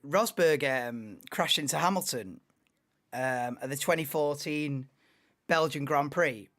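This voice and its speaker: A man in his late twenties, hosting a live race watchalong in an excitable, rambling, chatty way. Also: a little high, unhurried. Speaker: livestream host.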